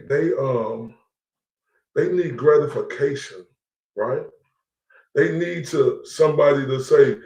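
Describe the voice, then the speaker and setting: A man's voice: mid-range voice, darkish tone, far from the mic. A man streaming live, ranting defiantly with profanity and repetition. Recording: echoey room, away from the mic.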